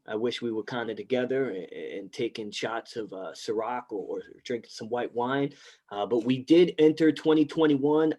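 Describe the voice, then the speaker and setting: Upbeat man co-hosting a podcast. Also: mid-range voice. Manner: animated salesman delivery, quick bursts. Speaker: podcast co-host. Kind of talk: casual podcast chat.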